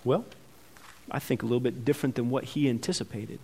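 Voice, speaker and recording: A man preaching a sermon who asks the congregation questions, swings between loud emphatic peaks and quiet asides, and acts out the characters' words as he reads. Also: mid-range voice, steady tone, fast talker, a little hiss or hum. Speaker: pastor.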